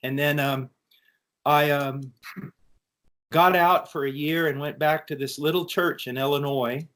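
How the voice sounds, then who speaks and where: A man's voice: fairly high pitch, a little slow. Earnest middle-aged man telling his story. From United States. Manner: earnest, animated storytelling with many restarts. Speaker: interview guest. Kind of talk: conversational testimony.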